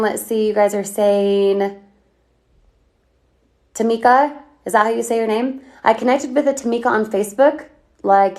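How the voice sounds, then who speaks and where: A woman coaching on a livestream, talking energetically and firing off questions at her viewers as she reads their comments. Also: mid-range voice. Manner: energetic, chatty, asks rapid questions. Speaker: online business coach.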